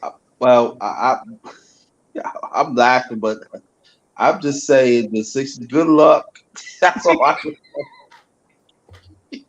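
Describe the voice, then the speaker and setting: A man on a casual sports panel who chuckles a lot and gives quick, short agreements. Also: medium pitch, highs cut off.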